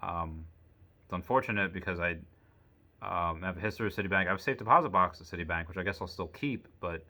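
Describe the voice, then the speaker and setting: A man's voice: low-pitched, fast talker. Frustrated man ranting about his bank. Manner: animated storytelling, acts out both sides of the conversation, swears. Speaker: vlogger. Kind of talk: casual rant to camera.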